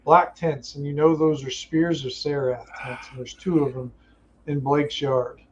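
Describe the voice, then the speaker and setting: Halting tabletop game master, dull sound. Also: male voice, a little high, level tone, a little mellow, slight background noise. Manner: halting narration with many fillers.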